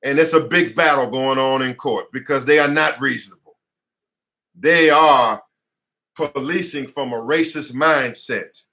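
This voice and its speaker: An attorney and teacher gives a heated online class lecture from his headquarters in a mid-range, unhurried voice that sounds pushed and bright. Preacher-like and fiery, he repeats phrases for emphasis and sweats as he talks.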